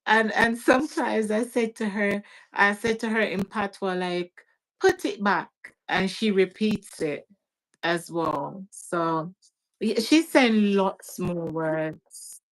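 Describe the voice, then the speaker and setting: Woman, casual chat, slow unhurried delivery, mid pitch, patois phrases. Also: low-quality recording. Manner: unhurried, warm laughing asides, slips into patois phrases. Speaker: guest parent.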